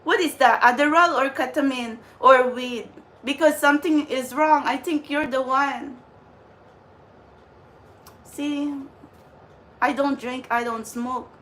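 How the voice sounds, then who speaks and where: On her vlog, a woman who channels spirit messages goes on an unscripted, angry rant full of swearing and constant "like." Her voice sits high and a bit bright, slow, with frequent pauses.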